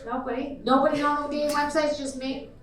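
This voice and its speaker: A woman's voice: sits high, background noise. A middle-aged woman doing a brash, crude stand-up set in a small comedy club, laughing at her own punchlines. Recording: echoey club recorded from far off. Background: loud crowd laughter.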